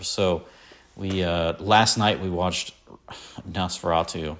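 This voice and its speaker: A man's voice: sits low, fairly even intonation, a little slow, a bit bright. A man hosting a podcast, chatting casually in a rambling way, with many fillers and self-corrections. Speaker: podcast host. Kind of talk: casual chat.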